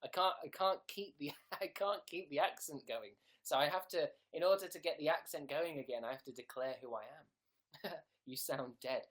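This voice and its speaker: A man's voice: a little high, moderate pace, a bit bright. A man hosting a casual livestream from home on a webcam, rambling and joking at his own expense. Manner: joking, rambling, self-mocking. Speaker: livestream host.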